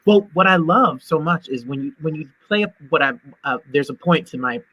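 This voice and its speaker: A man's voice: a little high, expressive, a little fast, pushed and bright, husky, rough recording. A man hosting an interview show, asking enthusiastic, rambling questions. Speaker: host.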